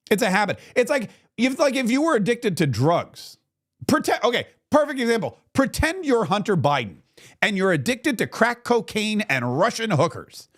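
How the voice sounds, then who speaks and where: A male talk show host delivering a sarcastic political commentary monologue, acting out little scenes as he goes. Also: high-pitched.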